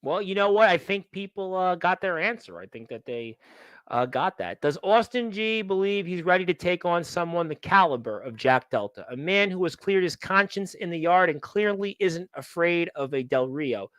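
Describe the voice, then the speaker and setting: A man's voice: high-pitched, animated, normal speed, fairly bright tone, clear, resonant tone, no room sound, rough recording. A man hosting a wrestling talk show, teasing his guest and reading out listener comments. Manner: teasing, playfully needling the guest. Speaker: radio show host.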